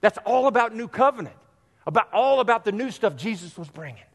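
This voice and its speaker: Male pastor, sermon delivery, earnest and direct with his congregation, somewhat high voice, heard in a reverberant sanctuary. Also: animated, brisk, a bit bright. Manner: earnest, addresses congregation directly, repeats phrases for emphasis. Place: church sanctuary. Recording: long hall reverb.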